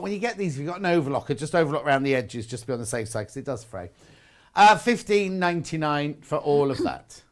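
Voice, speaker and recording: A man's voice: fairly high pitch, fairly bright tone. A man presenting a live shopping channel show, chatty and upbeat with small jokes.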